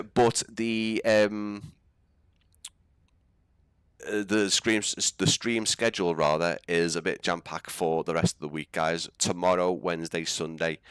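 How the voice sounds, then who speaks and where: Deep-voiced Scouse man chatting on stream. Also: a bit bright, clean tone, dry recording, studio quality. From England. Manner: chatty, rambling, laughs often. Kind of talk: casual live-stream chat.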